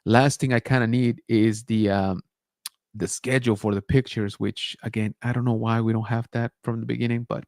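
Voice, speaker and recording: Male streamer, easygoing and chatty, average pitch, dry close-mic sound. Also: normal speed, no echo. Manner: relaxed, rambling, thanks viewers and reads chat. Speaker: channel host. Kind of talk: casual livestream sign-off chat.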